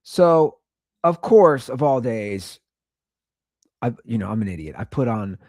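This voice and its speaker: A man's voice: mid-range voice, sing-song, measured pace, a little mellow, no echo, clean studio sound. A man in his thirties hosting a casual show, telling an exasperated, rambling story about his young daughters. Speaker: podcast host; father of two young girls.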